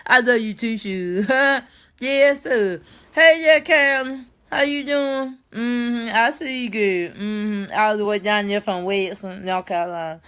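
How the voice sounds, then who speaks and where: An older woman, chatting warmly on a live stream and greeting viewers by name. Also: fairly high pitch, unhurried, clear, resonant tone. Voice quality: warm, folksy. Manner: chats with viewers by name, repeats herself, laughs easily. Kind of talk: casual live chat with viewers.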